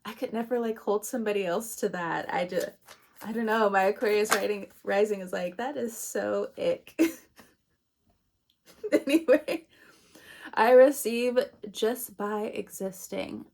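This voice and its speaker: A woman's voice: mid-range voice, a little slow, long pauses, a little mellow. A young adult woman giving a casual, meandering tarot reading, chatty and laughing at herself. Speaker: tarot reader.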